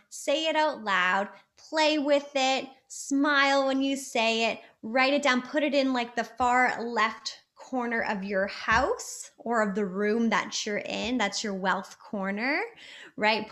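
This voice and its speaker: A woman's voice: a little high, fairly bright tone. A woman hosting a podcast, giving upbeat motivational advice in a chatty way, with many fillers and restarts. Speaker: podcast host. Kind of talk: casual motivational talk.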